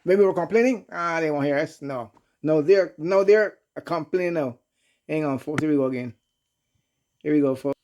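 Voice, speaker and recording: A man's voice: on the high side, normal speed, a little mellow, slight background noise. A man hosting a reaction channel, talking bluntly and repeating his points, swearing freely. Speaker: channel host reacting to clips. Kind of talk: casual reaction commentary.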